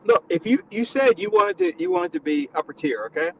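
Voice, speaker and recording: Male host, gravelly, animated pitch, deadpan mock-lecturing banter. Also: fairly quick, a little hiss or hum, poor audio. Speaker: stream host. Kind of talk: casual joking banter.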